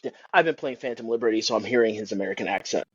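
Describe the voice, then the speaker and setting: A man's voice: fairly low pitch, rapid-fire, slightly rough, no room sound, dull audio. A married man co-hosting a podcast in casual chat, swearing and filling with ums and likes. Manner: swearing, filler-heavy rambling. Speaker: podcast co-host.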